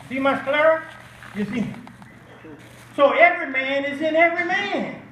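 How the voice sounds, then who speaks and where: A very high-pitched, pushed and bright voice belongs to an older man preaching emphatically about Islam as a banquet guest speaker at an awards event, at normal speed. He fires rhetorical questions for the crowd to answer, captured by a distant mic in an echoey hall with a little hiss or hum.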